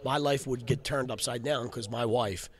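A man in his forties hosting a casual podcast chat, telling a personal story in an animated, slangy way. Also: medium pitch, moderate pace. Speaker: podcast host.

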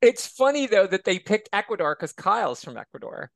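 A man's voice: high-pitched, sing-song, vocal fry, dry recording. A man guesting on a film podcast, joking around and readily agreeing with the host. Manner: jokey, quick to agree. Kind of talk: casual film discussion podcast.

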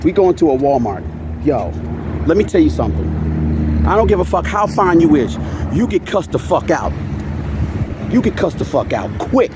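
A man's voice: on the high side, sing-song, moderate pace, long pauses, noisy background. A man filming a casual toy-hunting vlog on a handheld camera, swearing a lot and ranting heatedly. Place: convention floor and stores, indoors.

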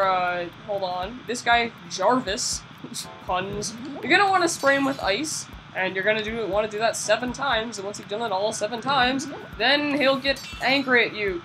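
A woman plays a video game and keeps up chatty, casual commentary, mocking herself and urging herself on with repeated "come on"s when under pressure. Her voice is fairly high, and the audio quality is poor.

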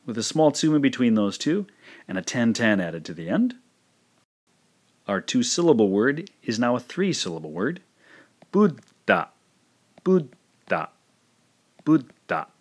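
A man narrating a recorded language lesson, speaking slowly and carefully and repeating each pronunciation. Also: medium pitch, very animated, darkish tone. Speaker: language teacher.

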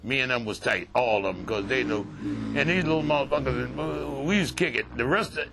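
A man's voice: mid-range voice, fairly quick, gravelly, noisy background. An older man, telling profane, streetwise stories to a recovery group. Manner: profane, streetwise, animated storytelling with laughter. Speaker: relapse prevention speaker. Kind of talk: storytelling talk to a group.

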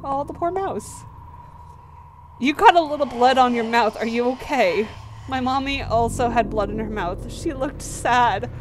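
A woman reading the lines of a frightened little girl in a horror game, soft and wondering. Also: fairly high pitch, unhurried, a little hiss or hum, natural voice. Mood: tender. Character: scared, gentle little girl in an asylum. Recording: game music playing loudly behind.

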